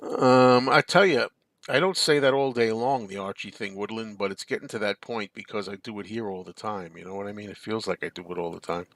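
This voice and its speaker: A man's voice: lowish voice, steady tone, brisk, fairly bright tone, no room sound. A man hosting a casual live-stream chat, rambling and answering viewer comments. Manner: rambling, chatty, reads viewer comments aloud. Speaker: show host.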